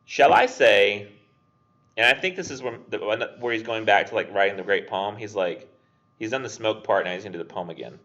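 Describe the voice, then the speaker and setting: Speaking fast in a lowish, fairly bright voice, a young man gives a casual literature lecture as an English instructor. He is chatty, leans on fillers, and performs the quotes he reads. The recording has a dull quality.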